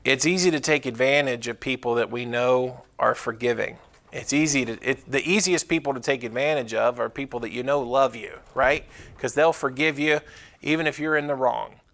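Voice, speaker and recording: A man's voice: medium pitch, moderate pace, fairly bright tone. A man preaching a sermon, talking it through casually with fillers and tag questions like "right?". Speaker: pastor.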